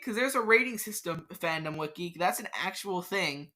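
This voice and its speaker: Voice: mid-range voice, expressive, normal speed, hardly any pauses, bright, forceful tone. A podcast host, rambling through an unscripted solo rant, stammering and restarting sentences often.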